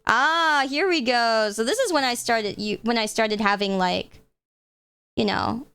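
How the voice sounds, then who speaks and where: A young woman streamer chatting casually while playing games, swearing freely and getting excitable. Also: fairly high pitch, measured pace, smooth, no echo. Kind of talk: casual live-stream chat.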